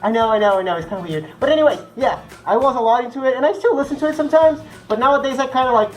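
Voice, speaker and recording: Young guy, portuguese-speaking accent, bubbly and chatty answering fan questions, soft music in the background. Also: extremely high pitch, very fast, poor audio. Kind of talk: casual chat.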